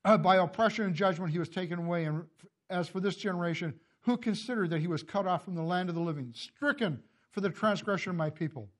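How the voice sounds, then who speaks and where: A man preaching a sermon and reading scripture, impassioned, swinging from loud calls to low, hushed lines, often coughing and clearing his throat. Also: quick pace. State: emotional, tearing up. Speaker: pastor.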